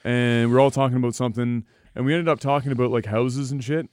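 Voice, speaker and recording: A man co-hosting a podcast, telling a profane, animated story full of laughter in casual talk. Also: mid-range voice, quick pace, no room sound, studio quality. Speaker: podcast co-host.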